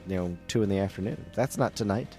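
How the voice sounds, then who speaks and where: A man's voice: fairly low pitch, quick pace, warm tone. A man hosting a video game music podcast, chatting in a playful, joking way. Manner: playful, jokey banter. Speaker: podcast host. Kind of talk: casual chat.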